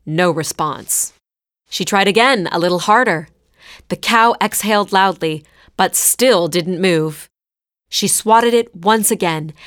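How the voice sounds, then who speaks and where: A woman narrating a scripted story in a clear, measured way. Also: fairly low pitch, a bit bright, no echo, clean studio sound.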